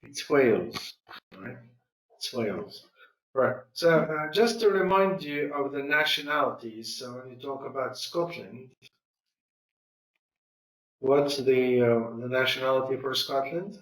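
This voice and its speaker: A man's voice: medium pitch, a little slow, pauses often, roomy sound, recorded from a distance, poor audio. A male English teacher leading a classroom lesson, patiently prompting students and repeating their answers.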